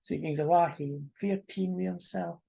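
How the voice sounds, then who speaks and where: Gravelly Doric storyteller, a woman. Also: fairly low pitch, normal speed, dull audio. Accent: North-east Scots (Doric). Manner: lively, homely, uses broad Scots words. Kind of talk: oral folk storytelling.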